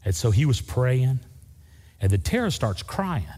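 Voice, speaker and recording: A man preaches with a folksy, storytelling manner, hammering his points home by repeating them. His voice is mellow and a little husky. The sound carries the long reverb of a church sanctuary. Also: mid-range voice, sing-song, measured pace. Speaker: pastor. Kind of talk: sermon.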